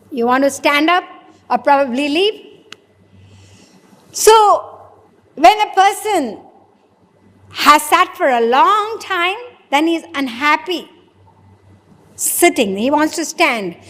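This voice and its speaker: A woman delivers a spiritual talk, questioning her listeners and playing out short dialogues. Her voice sits high. Long reverb trails every phrase, as in a large hall. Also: fairly bright tone. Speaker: spiritual teacher. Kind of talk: sermon.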